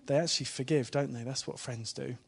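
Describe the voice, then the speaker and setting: Preaching to a live church congregation, a man with a mid-range voice keeps things informal and conversational, often putting questions to the room and slipping in small laughs. His delivery is brisk, gravelly and slightly rough, and it turns soft and hushed whenever he retells a story.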